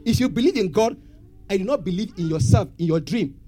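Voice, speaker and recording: High, animated pastor preaching. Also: male voice, quick pace. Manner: call-and-response questions to congregation. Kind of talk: sermon.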